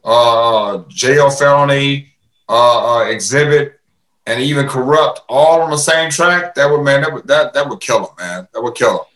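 An animated man chats casually as a podcast guest, tripping over his first words and repeating them before they come out. His voice carries a roomy echo, sitting in the middle range of pitch. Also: normal speed. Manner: animated, repeats words when starting sentences, laughs often. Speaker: podcast guest, former fighter.

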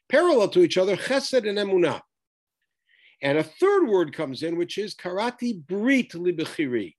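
Guy teaching bible verses, reads the hebrew then breaks it down, voice goes way up and down. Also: high voice. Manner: reads Hebrew verses then explains them, animated and emphatic. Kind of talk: text study lesson.

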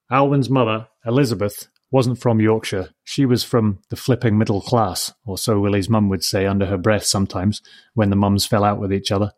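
A man hosting a podcast who reads a story aloud in a slow, measured, reflective way. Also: fairly low pitch, fairly even intonation.

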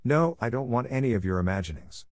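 A man's voice: mid-range voice, lively intonation, fast talker, darkish tone, no echo, clean studio sound, voice pushed up, close to an everyday voice. A man reading the part of a stern, blunt older woman in an audiobook, curt and moralizing.

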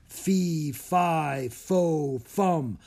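A storybook narrator voicing a big-bellied ogre who is secretly a softie, chanting slowly. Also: medium pitch. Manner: slow chanting.

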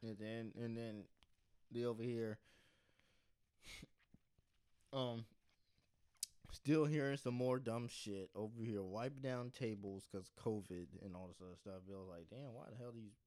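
A man chatting in a relaxed comedic way, laughing often and briefly acting out other people in a quick voice. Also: fairly low pitch, clean tone, no echo. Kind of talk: casual comedic chat, acting out scenes.

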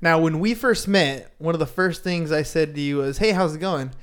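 A man hosting a casual interview, upbeat and animated, asking open questions. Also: fairly high pitch, normal speed, clean tone. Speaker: host, interviewer.

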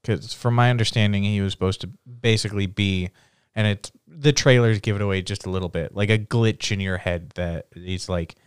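Male podcast co-host, smooth voice, easy rambling banter, dry sound. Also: on the low side, steady tone, brisk, dry recording. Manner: chatty, trails off with fillers. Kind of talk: casual chat.

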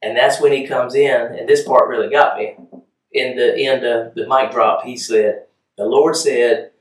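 Steady in tone and measured in pace, a pastor's mid-range voice reaches the mic from a distance in an echoey church hall. His sermon is conversational, and he keeps asking the room if they follow.

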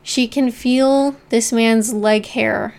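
A woman's voice: on the high side, steady tone, slow pace, creaky, darkish tone. A woman co-hosting a podcast, casually telling a true-crime story and often saying "like" as she goes. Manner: chatty, leans on "like" while narrating.

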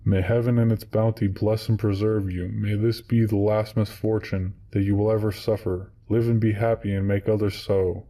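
A man reading the lines of a condemned young woman, gentle and resigned, in an audiobook of a classic novel. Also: lowish voice, level tone, normal speed, hardly any pauses.

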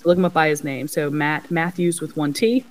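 Enthusiastic woman podcast co-host, low voice. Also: steady tone, brisk, rough recording. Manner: enthusiastic, gushing recommendations. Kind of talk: casual chat.

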